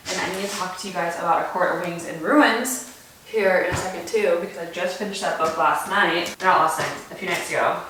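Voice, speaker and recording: A young woman vlogging casually at home while doing chores, chatty and full of likes, often dropping to a soft whisper. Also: on the low side, a little fast, noisy background. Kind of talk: casual vlog chat.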